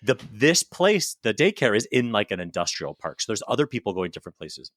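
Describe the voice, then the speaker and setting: A man in his thirties co-hosting a podcast, telling a story in casual chat with an animated, profane, self-mocking manner. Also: on the low side, brisk, no echo. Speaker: podcast co-host.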